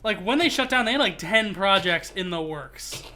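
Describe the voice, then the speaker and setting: Game streamer, casual chat, bright crisp voice, jokey rambling. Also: mid-range voice, animated, normal speed, a little hiss or hum.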